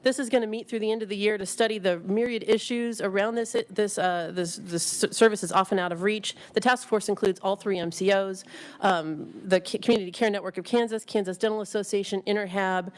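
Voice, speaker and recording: A woman giving formal testimony to a legislative committee as an executive director. She rushes, with frequent ums and restarts. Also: mid-range voice, steady tone.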